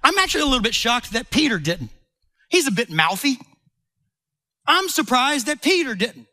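A male pastor preaching a sermon in an animated, playful way, talking directly to his listeners. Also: very high-pitched, moderate pace.

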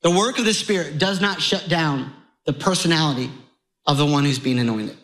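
A man preaching a sermon to a congregation, conversational and animated, his voice jumping higher as he gets excited. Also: fairly quick, rough recording. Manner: animated, conversational preaching with sudden rises in pitch. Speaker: pastor.

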